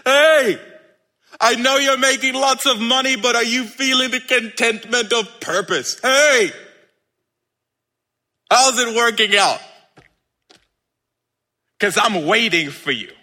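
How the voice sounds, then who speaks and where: A man's voice: sits high, sing-song, a little slow, hardly any pauses, bright, forceful tone, breathy edge, in a large hall, full character voice. A man acting out Jesus as a friendly figure, calling out in a playful, raised voice and laughing between lines. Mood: teasing.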